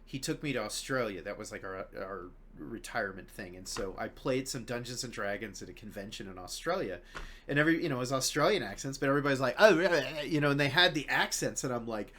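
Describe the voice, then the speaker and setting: A male podcast host in casual conversation with guests. His voice sits at an ordinary middle pitch. He talks in a loose, chatty way, laughs easily, and sometimes drops to a quieter murmur. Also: animated, fast, a little hiss or hum. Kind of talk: casual chat.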